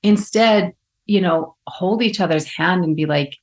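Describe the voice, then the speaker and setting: Low-pitched woman co-host, calm reflective therapist, talks in analogies, podcast chat. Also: a little slow. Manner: reflective, explains through everyday analogies. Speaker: relationship psychologist co-host. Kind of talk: casual podcast conversation.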